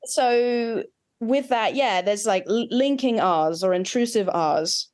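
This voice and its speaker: A woman's voice: a little high, takes it slowly, a little mellow. A woman with an Australian accent, a dialect coach, explaining at length with asides and examples in an interview. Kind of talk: expert interview.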